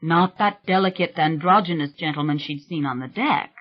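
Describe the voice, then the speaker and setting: An audiobook narrator giving a measured, scripted reading of a gothic thriller novel. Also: medium pitch, lo-fi sound.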